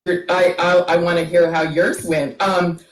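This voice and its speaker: A middle-aged woman as an interview guest, speaking haltingly with many pauses and restarts. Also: fairly low pitch, little pitch movement, music in the background. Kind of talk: casual interview chat. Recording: echoey room.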